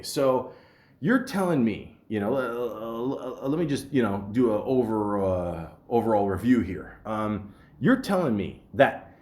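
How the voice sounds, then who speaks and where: A man hosts his podcast and tells a story in a loose, rambling way. He swears often and trips over restarts. His voice rises and falls with a lot of movement. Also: medium pitch. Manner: profane, rambling, stammers restarts. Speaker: podcast host. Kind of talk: casual storytelling.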